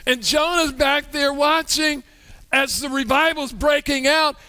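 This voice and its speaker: A man's voice: extremely high pitch, fairly even intonation, a little slow, sharp tone. A male pastor delivering a humorous sermon in a church, acting out the voices he quotes. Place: church sanctuary. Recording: long church hall reverb.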